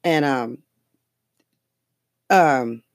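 Extremely slow and middling in pitch, this podcast host rambles through political gossip, cursing freely and laughing a lot. The recording is close and dry, with no room sound at all.

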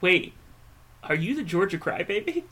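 A man co-hosting a podcast in loose, casual chat. His voice sits high and sounds bright and forceful. He jokes and teases his partner as they trade banter. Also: very animated, normal speed. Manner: joking, teasing banter. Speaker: podcast co-host.

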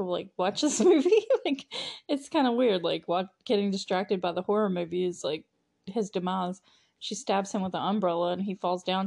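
A woman's voice: medium pitch, darkish tone. A woman hosting a casual movie recap podcast, chatty and laughing, with lots of fillers. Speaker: podcast host.

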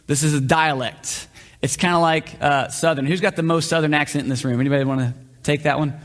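A man's voice: fairly high pitch, steady tone, fairly quick. Man preaching in a reverberant hall. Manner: conversational, asks the room questions, varies pace. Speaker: pastor. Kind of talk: sermon. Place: church hall.

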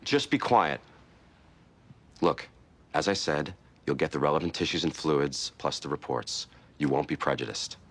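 An actor playing a businesslike prosecutor in a TV drama, speaking in a flat, firm manner. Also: male voice, a bass voice, moderate pace, pauses often, full character voice.

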